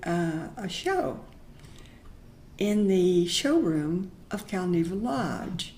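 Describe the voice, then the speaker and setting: Brief: older woman quoting a courteous, inviting man, slow and easy. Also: lowish voice, warm tone. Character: smooth male entertainer making an invitation.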